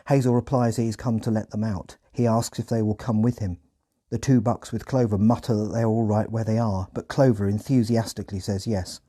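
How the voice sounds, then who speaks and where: A man, hosting a podcast and narrating a film scene by scene in a measured, descriptive way. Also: on the low side, warm tone, breathy edge.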